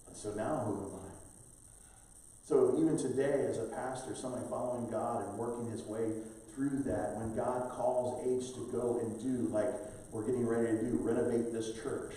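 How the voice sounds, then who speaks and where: A man's voice: medium pitch, steady tone, moderate pace, mellow. A middle-aged man preaching a sermon as pastor, talking with the congregation in a conversational, storytelling way. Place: church sanctuary. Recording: roomy church hall, from far off.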